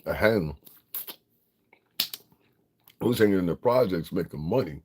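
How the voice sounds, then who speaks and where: Man, deep voice, husky, casual livestream rant, profane. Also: animated, measured pace. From Connecticut, US. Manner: blunt, profane, laughs often. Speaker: vlogger.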